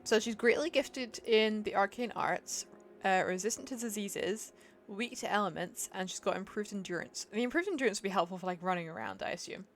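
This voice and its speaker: A woman's voice: medium pitch, fairly quick. A chatty, giggly woman, musing aloud as she streams herself playing a game. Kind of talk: casual live-stream chat while gaming.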